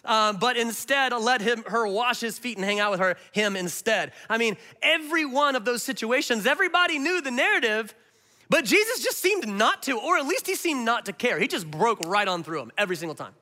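High-voiced animated preacher man. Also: brisk. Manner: animated, swings between loud and hushed. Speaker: pastor. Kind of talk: sermon.

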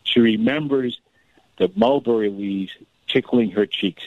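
A man's voice: mid-range voice, measured pace, no room sound. A man telling a family story in a casual radio interview, talking in bursts with many restarts. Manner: animated, restarts often, storyteller. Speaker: author and guest. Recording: dull, slightly lo-fi radio sound.

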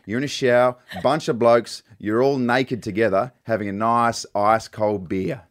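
A man's voice: medium pitch, fairly even intonation, moderate pace, no room sound. A man in his thirties with an Australian accent, co-hosting breakfast radio in a cheeky, playfully stubborn way. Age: 30s. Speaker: radio co-host. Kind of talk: casual breakfast radio banter. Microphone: studio microphone.

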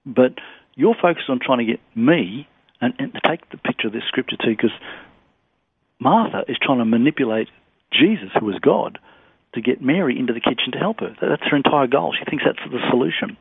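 A man speaks earnestly and gently as a guest on a faith radio interview. His voice is husky and comes through a tinny phone line, and he often repeats words as he explains. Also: mid-range voice, expressive, brisk, no echo. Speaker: ministry director, radio guest.

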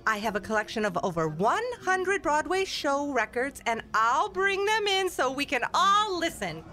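Casting: actress as a showy, bossy music teacher, high and swooping, slow and deliberate. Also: female voice, sing-song, sharp tone, exaggerated voice. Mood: theatrical. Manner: grandiose, sing-song, bossy. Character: prim, theatrical female school music teacher. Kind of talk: audio drama acting.

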